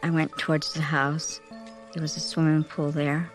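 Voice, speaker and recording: A woman speaking slowly and haltingly in an archival interview, reflecting on past events. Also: deep voice, level tone, faint music behind.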